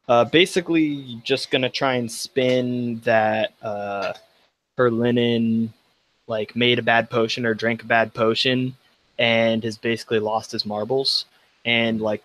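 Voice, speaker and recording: A man's voice: mid-range voice, a bit bright. A man playing a tabletop game, rambling and hedging as he explains his moves. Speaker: player. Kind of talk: casual tabletop game play.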